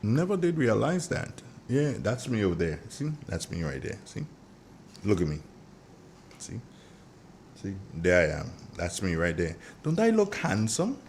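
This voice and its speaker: Man, Grenadian accent, middle-aged, radio host, joking shout-outs, lowish voice, swings up and down a lot. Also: a little slow, slight background noise. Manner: animated, joking, chatty shout-outs to listeners. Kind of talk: casual morning radio chat.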